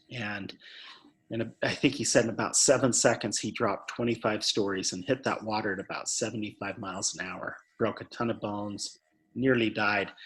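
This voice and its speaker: A man's voice: lowish voice, a bit bright. A man speaking earnestly in an interview, telling a story and often repeating words as he stresses a point. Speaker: suicide prevention speaker.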